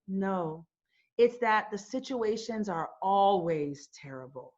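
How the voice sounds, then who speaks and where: A woman's voice: medium pitch, unhurried. A middle-aged woman speaking to an audience, emphatic and full of rhetorical questions that she often repeats. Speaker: founder and host giving a talk. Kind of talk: impassioned talk to an audience. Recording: dull lo-fi sound.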